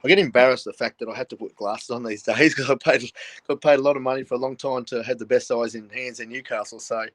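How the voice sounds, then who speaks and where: A man's voice: medium pitch, fairly even intonation, fast, fairly bright tone, a little hiss or hum. An older Australian man, a guest, telling stories frankly in casual chat and laughing often, joining over a video call. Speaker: guest, former rugby league player.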